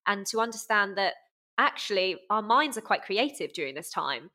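A woman on a podcast as a guest fitness coach, talking in a lively way and acting out inner voices with big jumps in pitch. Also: moderate pace. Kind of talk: casual podcast interview.

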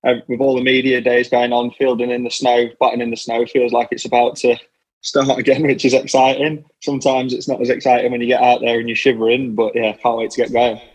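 Flat-voiced young man, interview guest. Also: mid-range voice, breathy edge, poor audio. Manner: plain, halting, repeats set phrases. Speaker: guest cricketer. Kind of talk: interview answers.

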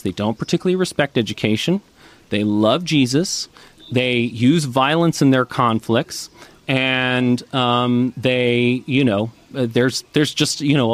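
A man explaining ideas in a casual chat, animated, with many "right?" and "you know" fillers. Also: mid-range voice.

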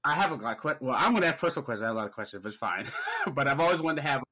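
A man hosting a podcast in a casual, excitable way, with loose phrasing and frequent laughs. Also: medium pitch, rapid-fire. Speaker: podcast host. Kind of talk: casual chat.

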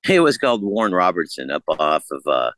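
A man's voice: sits low, big pitch swings, fast, fairly bright tone, dry recording, low-quality recording. A man casually telling rambling, profane stories and acting out the dialogue. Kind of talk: casual conversation.

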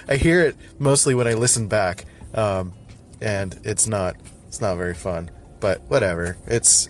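A young man from Northeast Philadelphia with a mild Philly accent, rambling through a casual solo rant with frequent restarts and laughs. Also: on the low side. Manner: rambling, self-interrupting, laughs often. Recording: loud street and car noise.

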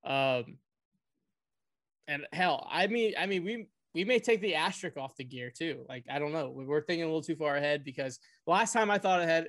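A man from Houston with a fairly high voice, co-hosting a casual sports podcast. He rambles, jokes and swears freely as he tells his stories. His voice sounds dry and close to the mic. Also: fairly bright tone, no room sound. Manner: rambling, joking, profane. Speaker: podcast co-host.

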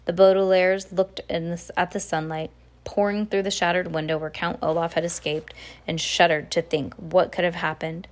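A woman's voice: lowish voice, level tone, moderate pace. A woman reading a children's novel aloud, unpolished, with frequent slips and restarts. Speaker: audiobook reader. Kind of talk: casual read-aloud of a novel.

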